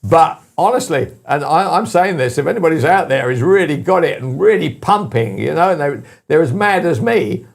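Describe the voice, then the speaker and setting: Older male talk host, gravelly, anecdotal and emphatic. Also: on the high side, expressive, normal speed, hardly any pauses. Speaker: show host. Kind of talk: talk radio discussion.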